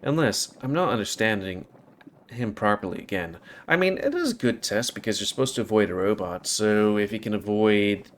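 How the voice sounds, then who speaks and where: Man, low voice, reading a visual novel aloud, expressive, hesitant asides. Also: moderate pace.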